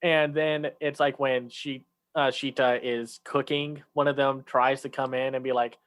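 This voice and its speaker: A man's voice: medium pitch, level tone, measured pace, hardly any pauses, fairly bright tone. A man co-hosting a casual chat, talking loosely with many fillers and restarts, sometimes acting out lines in a raised voice. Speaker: podcast co-host.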